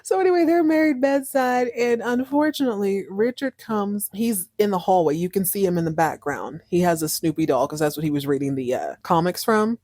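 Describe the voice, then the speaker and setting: A woman hosting a podcast, recapping a soap opera in an animated, slangy way. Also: medium pitch, fairly quick, hardly any pauses, no echo, studio quality. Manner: animated, slangy, laughing storyteller. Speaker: podcast host.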